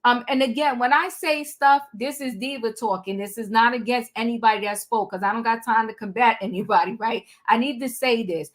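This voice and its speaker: A woman's voice: on the high side, fairly even intonation, brisk, hardly any pauses. A woman hosting a live chat show, talking in a direct, conversational way and cutting in firmly. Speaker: host.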